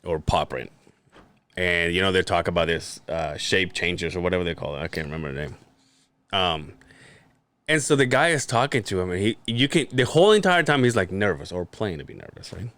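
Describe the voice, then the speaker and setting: A man's voice: deep voice, fairly quick. A man co-hosting a podcast in casual chat, telling stories with lots of laughter and swearing. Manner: animated storyteller, swears often, laughs a lot. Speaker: podcast co-host.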